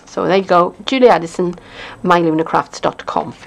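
A woman's voice: fairly low pitch, moderate pace, creaky, poor audio. A middle-aged woman with a Welsh accent, chatting casually as a craft demonstrator, rambling along with lots of fillers and little chuckles. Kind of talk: casual unboxing chat.

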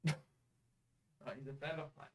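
A man's voice: medium pitch, steady tone, slow, far from the mic. A man with an Italian accent, a friend of the host, joking and stammering through casual chat in English.

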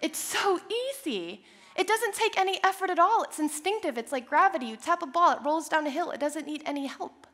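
Bright-voiced young woman preaching. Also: very high voice, brisk, few pauses. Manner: animated storytelling, self-deprecating humor. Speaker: church speaker. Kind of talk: sermon with personal story.

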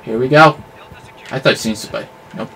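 A man giving live commentary over his own gameplay, excitable and yelling at the game, with clean substitute swears. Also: mid-range voice, quick pace, creaky, husky. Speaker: gamer.

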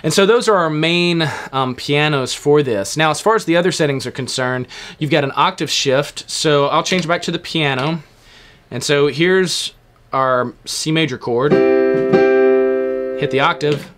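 A man casually walking through piano sounds on a stage keyboard, explaining in a relaxed way with fillers. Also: fairly high pitch, moderate pace. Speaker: keyboard instructor. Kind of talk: casual instructional walkthrough.

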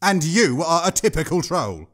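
A man reading an audiobook, voicing a sharp-tongued, bitter old woman in a shrill, indignant manner. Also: big pitch swings, normal speed. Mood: indignant, angry.

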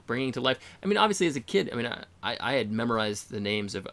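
A man's voice: medium pitch, very animated, fast talker, a bit bright. A man guesting on a podcast in casual chat, musing in a rambling way with many hedges.

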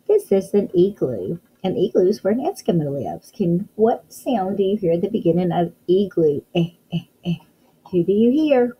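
A woman teaching a phonics lesson to young children, talking in a slow, sing-song, encouraging way and praising often. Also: medium pitch, very animated, muffled recording, a little hiss or hum. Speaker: kindergarten teacher.

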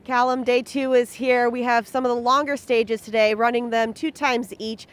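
A woman's voice: on the high side, little pitch movement, moderate pace. A woman motorsport reporter asking friendly, upbeat interview questions at a rally.

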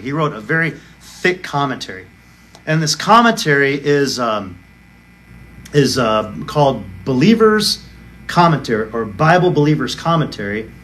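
A man's voice: mid-range voice, fairly bright tone, a little hiss or hum. A male pastor preaching a sermon, arguing emphatically and firing off rhetorical questions. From United States.

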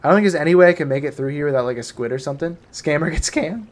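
A man's voice: on the high side, rapid-fire. A young man streaming a game live, commenting casually, reading chat and yelping when things go wrong. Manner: excitable, talks to the game creatures, yelps when startled.

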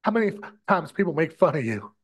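A man's voice: a little high, sing-song, quick pace. A man from the United States preaching a sermon in an impassioned way, often stumbling and repeating his words as he addresses his brothers and sisters.

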